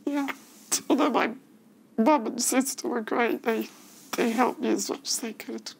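A woman giving tearful, halting testimony at a public inquiry, her voice breaking as she restarts her sentences. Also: fairly high pitch, steady tone, gravelly, a little hiss or hum, low-quality recording. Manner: halting, emotional, restarts often. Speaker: witness giving evidence. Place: hearing room.

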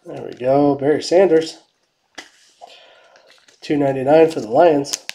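A woman hosts a trading card break, keeping up casual running commentary and sinking into quiet mutters as she checks cards. Her voice sits low and moves a little slowly, with a slight hiss or hum in the audio.

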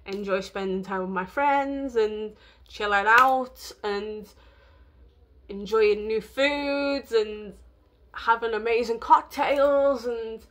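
A woman's voice: fairly high pitch, takes it slowly, a bit bright. A woman vlogging in a rambling, emotional way, with lots of fillers. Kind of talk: casual vlog talk.

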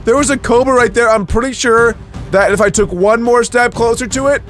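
Young male gaming host, high bright voice, jumpy and animated, quick shouts and asides, light music underneath. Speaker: gaming YouTuber. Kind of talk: excitable let's-play commentary.

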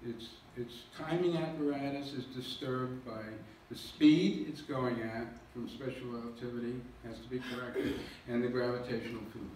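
A man's voice: medium pitch, steady tone, moderate pace, hardly any pauses, darkish tone, slight background noise. Echoey man lecturing from afar. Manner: jokey, self-deprecating, explains with slides. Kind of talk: public lecture. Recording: echoey hall recording from far off.

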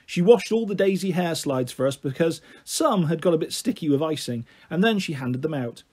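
A man narrating a children's book in a gentle, steady reading voice. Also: on the high side, normal speed, breathy edge. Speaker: storyteller.

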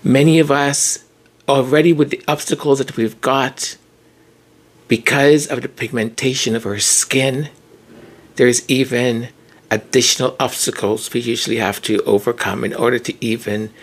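A man hosting his own channel, speaking reflectively and pausing often, close to tears as he talks. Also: medium pitch. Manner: slow, reflective, pausing to gather himself. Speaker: channel host. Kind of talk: emotional solo commentary.

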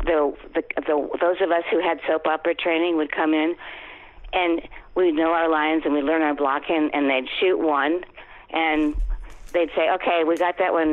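A woman in her fifties, a guest actress, telling stories in a chatty, animated way and acting out quoted lines. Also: low-pitched. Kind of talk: casual interview storytelling. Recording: tinny phone line.

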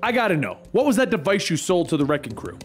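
A man doing a weary wry superhero, lively voice, plain and dry. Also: high voice, fast, soft background music. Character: tired, wry male superhero, young adult.

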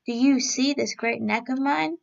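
A woman putting on a booming giant monster. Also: moderate pace, creaky. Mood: taunting. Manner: booming, repeated taunting questions. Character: huge rising male monster, menacing and boastful. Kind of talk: storybook reading. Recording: dull lo-fi recording.

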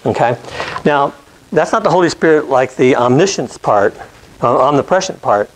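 A man's voice: mid-range voice, animated, normal speed, low-quality recording. Man teaching a casual Bible lesson. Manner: conversational, often checks in with "okay?"; restarts and corrects himself mid-sentence.

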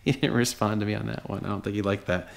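A man's voice: fairly low pitch, fairly even intonation, fast, creaky. A man who runs a car dealership, reading out buyer messages and reacting to them in a sarcastic, exasperated, blunt way. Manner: blunt and dismissive.

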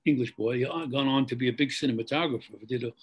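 An older man, an actor guest telling stories in an interview, halting with many fillers and restarts. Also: medium pitch, husky, poor audio. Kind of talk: interview storytelling.

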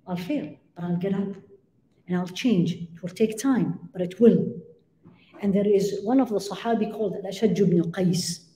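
A woman's voice: mid-range voice, dark tone. Emphatic woman lecturing in an echoey room. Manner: emphatic, rhetorical questions, cites Arabic phrases. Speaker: Islamic lecturer. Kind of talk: religious lecture to a live audience.

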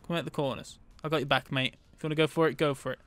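A British man giving casual, excitable gameplay commentary as a gaming channel host, bantering with himself. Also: fairly high pitch, racing, dry recording. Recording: game gunfire and noise behind.

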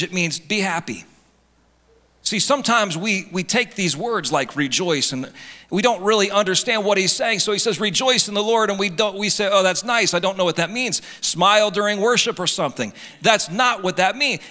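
High, animated preacher man. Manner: animated preaching, voices imagined complaints. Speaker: pastor. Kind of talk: sermon. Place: church sanctuary. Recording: reverberant church sanctuary.

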